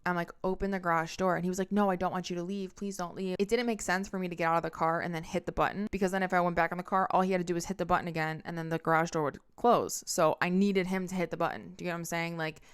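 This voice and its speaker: A woman's voice: lowish voice, steady tone, very fast, hardly any pauses, clean tone. A young woman hosting a podcast, telling a personal story in a candid, intense monologue full of swearing. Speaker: podcast host.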